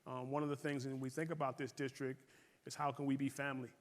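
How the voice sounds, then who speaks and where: Guy hosting a library talk, quick and flat, polite, echoey hall. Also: medium pitch. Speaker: interview host. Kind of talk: community conversation interview. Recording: reverberant hall sound.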